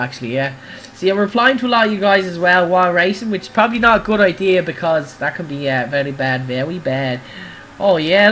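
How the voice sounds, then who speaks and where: Bright, excitable gaming streamer. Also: male voice, high voice, a little hiss or hum. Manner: excitable, cries out at crashes and wins. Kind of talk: live gameplay commentary.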